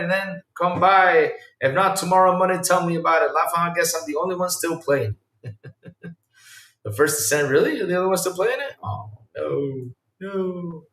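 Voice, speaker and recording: A male podcast host chatting casually on a livestream and reacting to viewer comments, excitable and rambling, swinging between low mumbles and loud outbursts. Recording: roomy sound from a distant mic.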